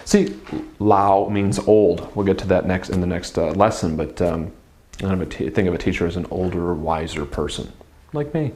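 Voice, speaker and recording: A man teaching a language lesson at a whiteboard, drawing out his model words slowly and explaining in a chatty, off-the-cuff way. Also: fairly low pitch. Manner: slow, drawn-out model pronunciations between quick English explanations; spontaneous, chatty. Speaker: Chinese teacher. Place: classroom with a whiteboard.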